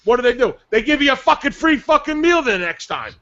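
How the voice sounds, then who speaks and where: A man's voice: extremely high pitch, very animated, brisk, pushed and bright, muffled recording. A man ranting angrily and profanely on a chat show, venting hard. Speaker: show regular, clan player.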